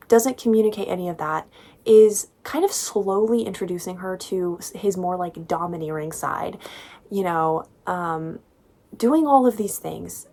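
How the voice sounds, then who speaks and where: A woman's voice: mid-range voice, moderate pace, darkish tone. A woman in her twenties talking casually through a book review, chatty and exasperated, with lots of filler words.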